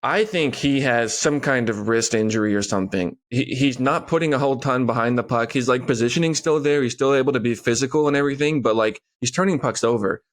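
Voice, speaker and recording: A man co-hosting a sports podcast, giving relaxed, rapid analysis with lots of "like" and "you know" in casual chat. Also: medium pitch. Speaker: podcast co-host.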